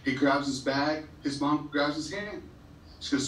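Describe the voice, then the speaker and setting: A man's voice: on the high side, measured pace, a bit bright, slight background noise. A man giving an earnest, heartfelt motivational speech to a school assembly, sometimes stumbling and repeating himself when moved. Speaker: motivational speaker. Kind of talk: emotional storytelling speech to students. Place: large school hall or gym. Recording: echoey school hall from far off.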